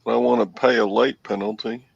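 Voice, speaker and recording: A man's voice: medium pitch, steady tone, brisk, gravelly, muffled recording, a little hiss or hum. A middle-aged man, co-hosting a casual chat in a wry, self-mocking way. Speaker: show co-host.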